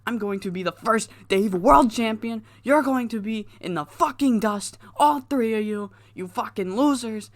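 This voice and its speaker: A man voicing a brash male wrestler who cuts an angry, profane, boastful promo, shouting and ranting. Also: sits high, moderate pace, few pauses, no echo, voice pushed up, natural voice. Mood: furious. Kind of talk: acted quote in game commentary.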